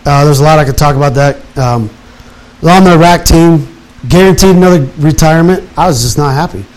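A man in his fifties, retired from military service, tells his life story in casual, animated talk and acts out his own past words. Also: on the high side, brisk, low-quality recording. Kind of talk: casual personal testimony.

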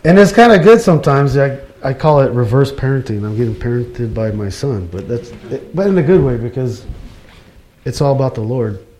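A man's voice: mid-range voice, sing-song, normal speed, darkish tone. A middle-aged man giving an informal, earnest church talk, speaking personally and conversationally. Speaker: lay preacher.

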